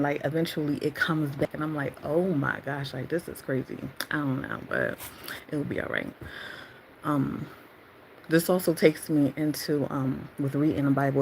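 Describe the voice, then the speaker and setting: A woman's voice: low voice, gravelly, a little mellow, slight background noise, poor audio. A woman sharing a casual devotional talk, rambling and reflective and often correcting herself. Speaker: faith vlogger.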